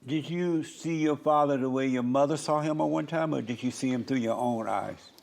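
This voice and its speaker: A man's voice: medium pitch, moderate pace, creaky, a little mellow. A man hosting an interview, reacting briefly and asking probing questions. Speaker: show host.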